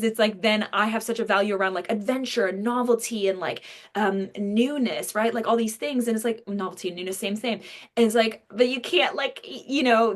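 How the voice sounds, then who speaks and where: A woman hosting a podcast, thinking aloud in a reflective, rambling way with many fillers. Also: a little high. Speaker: podcast host. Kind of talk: podcast conversation.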